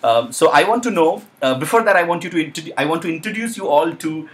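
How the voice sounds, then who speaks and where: A young man with an Indian accent hosting a casual live Q&A, chatty and excitable, with lots of uh and um. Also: a little high, quick pace. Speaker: live stream host.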